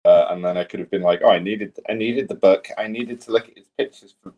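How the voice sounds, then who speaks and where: A man's voice: low voice, fairly even intonation, fast talker, breathy edge, muffled recording. A man co-hosting a podcast, rambling through sweary stories in casual chat. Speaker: podcast co-host.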